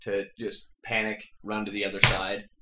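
Casual game master in a roomy space. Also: male voice, lowish voice, completely flat delivery, normal speed, very noisy. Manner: casual, descriptive scene narration. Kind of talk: narrating a tabletop game.

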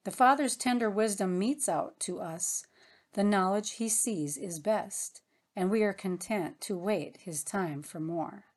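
A woman reading the part of a tender sister who longs for her absent son, in a soft pleading manner. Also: mid-range voice, measured pace, close to an everyday voice. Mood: yearning. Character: tender longing woman, a departed mother of a son.

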